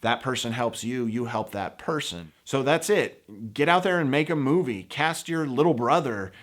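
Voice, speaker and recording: A man's voice: medium pitch, animated, normal speed. A man hosting a filmmaking video, giving upbeat, encouraging advice directly to his viewers. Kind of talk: casual advice to camera.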